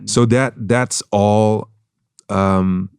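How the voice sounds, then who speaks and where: Deep-voiced man with a German lilt. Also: fairly even intonation, a little mellow, smooth, no echo. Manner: reflective, measured, with many restarts. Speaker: guest actor. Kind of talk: casual interview. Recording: dry studio sound.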